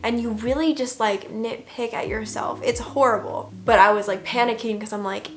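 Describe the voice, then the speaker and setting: A young adult woman telling her story in a casual vlog, chatty and full of fillers, dropping into hushed asides. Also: fairly high pitch, steady tone, normal speed, hardly any pauses, soft background music. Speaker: vlogger.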